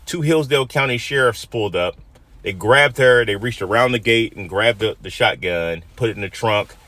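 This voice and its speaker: This Michigan man, somewhere in his fifties, speaks low as he recounts a personal story out loud. His delivery is plain-spoken and emphatic, rising from quiet to loud.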